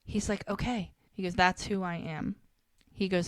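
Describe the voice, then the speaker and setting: A woman's voice: medium pitch, moderate pace, dry recording, studio quality. Woman animatedly recapping a scene. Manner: animated retelling, acting out both characters' lines. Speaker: podcast co-host. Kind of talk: casual recap chat.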